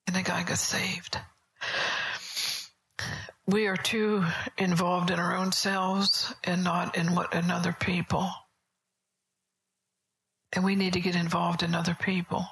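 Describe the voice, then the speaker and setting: A woman preaching a sermon at a church service, telling stories in a conversational way, often soft and whispery. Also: fairly low pitch, level tone, measured pace, gravelly, pauses often, low-quality recording.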